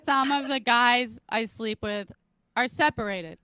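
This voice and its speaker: High-voiced woman doing crude stand-up. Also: unhurried, sharp tone, low-quality recording. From Britain. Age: late 30s. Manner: crude self-deprecating jokes, laughing at her own lines. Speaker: stand-up comic. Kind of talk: stand-up comedy set at a virtual charity show.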